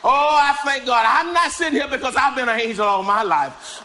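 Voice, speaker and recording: A man preaching a sermon as pastor, fervent and repetitive, often shouting and crying out. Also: very high-pitched, fairly quick, few pauses, slight background noise. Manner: lists and repeats phrases rhythmically.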